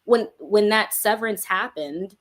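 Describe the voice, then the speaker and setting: A young adult woman, a guest music artist in a casual interview, telling her story with lively animation. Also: medium pitch, unhurried.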